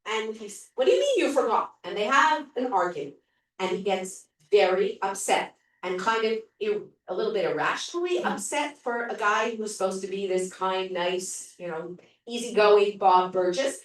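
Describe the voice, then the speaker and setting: A woman's voice: medium pitch, moderate pace. A woman reviewing a book at a library, retelling the plot in a chatty way with fillers. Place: library room. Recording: very echoey room from far off.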